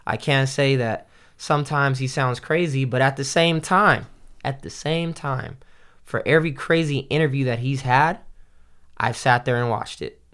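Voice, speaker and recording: A man in a casual chat about hip-hop, talking in a rambling, halting way with many restarts and fillers. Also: mid-range voice, a bit bright, smooth.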